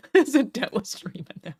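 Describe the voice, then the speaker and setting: A woman's voice: a little high, big pitch swings, normal speed, a little mellow, slightly rough. A woman streaming live, chatting casually, reading articles aloud and gushing thanks to donors with casual swearing. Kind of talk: live stream chat and reaction.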